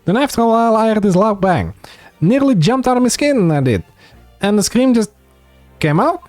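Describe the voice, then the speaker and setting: A man voicing a brash, boastful young female street thief in a rough put-on British street accent, for a game. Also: high-pitched, very animated, moderate pace, no echo, faint music behind, voice pushed up. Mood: chatty.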